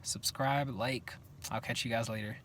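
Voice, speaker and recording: A young man talks straight to his viewers in an easy, everyday way, at an ordinary middle pitch. He tells his stories with lively energy and acts out what other people said. A faint hum sits behind his voice. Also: normal speed. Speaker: vlogger. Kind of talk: casual storytelling to camera.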